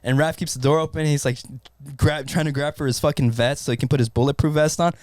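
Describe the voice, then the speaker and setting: A man in a casual podcast chat, telling a story in an animated way and swearing constantly. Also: a little high, quick pace, no echo. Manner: animated, swears constantly, acts out his own panic. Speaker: podcast co-host.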